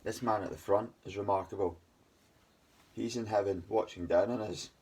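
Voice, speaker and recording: Scottish man in his fifties, low and husky, worn out, rambling and agitated, video diary. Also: fairly even intonation, moderate pace, a little mellow. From Scotland. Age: 50s. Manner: agitated, rambling, heavy swearing. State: exhausted. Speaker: video diarist.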